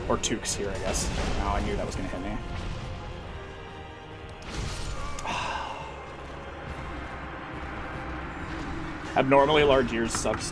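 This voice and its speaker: A man livestreaming and reading chat, rambling casually with wry, profane humor and lots of fillers. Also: medium pitch.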